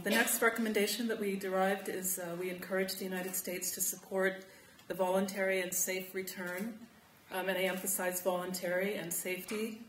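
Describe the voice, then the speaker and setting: A woman representing a community group, reading prepared recommendations at a public forum, earnest and emphatic, with many "um"s and throat clearing. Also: medium pitch, echoey room, slight background noise, low-quality recording.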